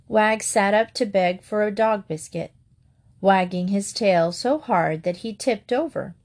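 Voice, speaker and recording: A woman reading a children's storybook aloud, gently voicing the characters as she goes. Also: mid-range voice. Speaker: storybook reader.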